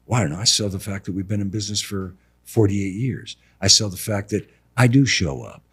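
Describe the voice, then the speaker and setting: A middle-aged contractor on a podcast tells stories in a casual interview, his voice deep and husky. He's animated, plays both sides of conversations, and drops slangy asides full of "bro" and "dude."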